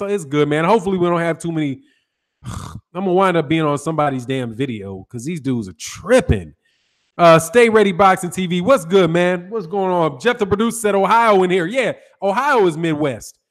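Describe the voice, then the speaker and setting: High-pitched and marked by a Chicago accent, a man from the city's North Side hosts a boxing live stream. His talk is loose and full of slang, and he welcomes viewers in chat by name.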